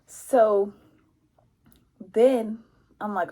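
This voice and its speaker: A young woman vlogger telling a casual storytime in a lively, slangy way, acting out what people said. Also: mid-range voice, moderate pace, long pauses, slightly rough. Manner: animated, slangy, mimics people in quotes.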